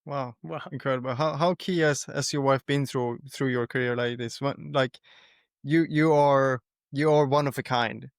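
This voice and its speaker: A man's voice: medium pitch, steady tone, moderate pace, gravelly, no room sound, studio quality. A man hosting a podcast interview, asking earnest, admiring questions. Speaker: podcast host. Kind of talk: casual interview.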